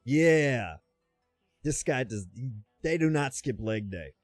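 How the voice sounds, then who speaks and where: A man's voice: mid-range voice, animated, takes it slowly, dry recording, studio quality, faint music behind. A man hosting a casual reaction video, teasing and chuckling at what he watches.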